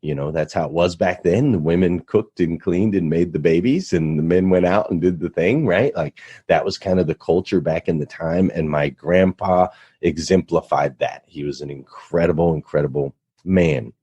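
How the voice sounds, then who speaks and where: A man's voice: sits low, moderate pace, warm tone, husky, dull audio. A man telling a personal story as a podcast guest, earnest and motivational, building to emphatic points. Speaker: radio show host, podcast guest.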